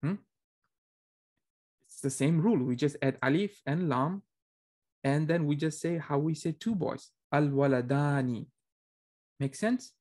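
A man's voice: fairly high pitch, expressive, a little slow, long pauses, a little mellow. A man teaching a beginner Arabic class, explaining conversationally and checking understanding with frequent questions to students. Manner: frequent restarts and fillers, conversational. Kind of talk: classroom lecture.

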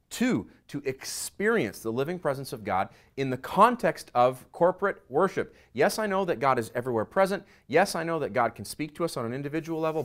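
A middle-aged man, a pastor, preaching a sermon that swings between quiet asides and loud emphasis. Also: on the high side.

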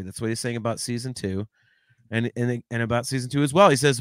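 A man co-hosting a podcast in casual chat, talking in an animated, rambling way with lots of restarts and swearing. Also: medium pitch, brisk, no room sound, clean studio sound. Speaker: podcast co-host.

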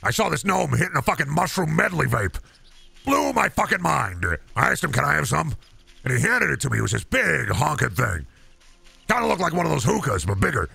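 A ranting conspiracy-show host, as a man puts him on, rambling in a raised, pushy salesman pitch. His voice is gravelly and bright, with heavy fry. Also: sing-song, brisk, dry recording, heavily acted. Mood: bombastic.

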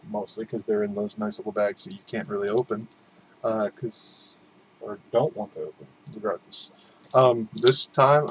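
A man's voice: medium pitch, slight background noise, poor audio. A man doing casual unboxing commentary, rambling, joking at his own expense, and swearing freely. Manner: rambling, self-mocking, swears a lot. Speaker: unboxing vlogger.

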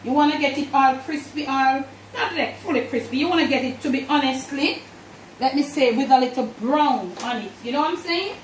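A woman's voice: sits high, fairly quick, slight background noise. Chatty Jamaican woman cooking at home. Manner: chatty, speaks to viewers as family. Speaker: home cook host. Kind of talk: cooking demonstration. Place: home kitchen. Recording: echoey kitchen, distant mic. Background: clatter of dishes and pans.

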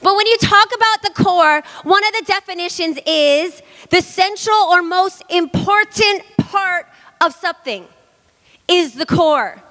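A woman pastor in her thirties from Hawaii, preaching a sermon in a lively, chatty way and joking with the congregation. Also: extremely high pitch, measured pace. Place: church hall. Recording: long church-hall reverb.

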